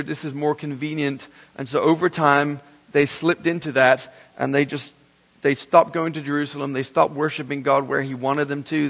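A middle-aged male pastor preaches in a lively, storytelling way, with wry humorous asides. His voice sits somewhat high. The recording carries a long hall reverb and sounds a little dull. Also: gravelly. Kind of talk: sermon.

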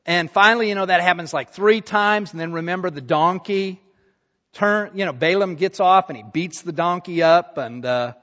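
A man preaching a sermon, retelling a scripture story in a relaxed, conversational way and checking in with the congregation. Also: high-pitched, normal speed. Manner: conversational storytelling with fillers like "you know" and "okay?". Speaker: pastor. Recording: dull recording with long hall reverb.

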